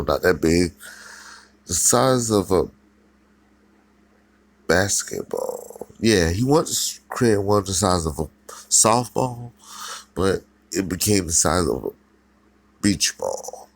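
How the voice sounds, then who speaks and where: A man narrates a fan story slowly and casually, rambling along with fillers and restarts. His low, gravelly voice swings widely in pitch, recorded close and dry. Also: animated.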